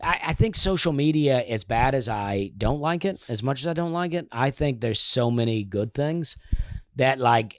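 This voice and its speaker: A man spins loose, rambling stories, breaking off and restarting mid-sentence. His voice sits at an ordinary pitch. The sound is dry and close, with no room around it. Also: lively intonation, normal speed, no echo. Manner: rambling, self-interrupting storyteller. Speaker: comedian guest. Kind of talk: casual interview storytelling.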